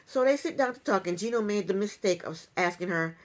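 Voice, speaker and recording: A woman's voice: mid-range voice, animated, fairly quick. A woman giving a casual reality TV recap in an opinionated, sarcastic way, with chuckling asides.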